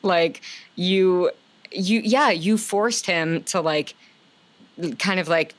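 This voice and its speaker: A woman co-hosting a podcast in casual chat, animated and profane, often quoting her own reactions. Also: fairly low pitch, slow. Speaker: podcast co-host.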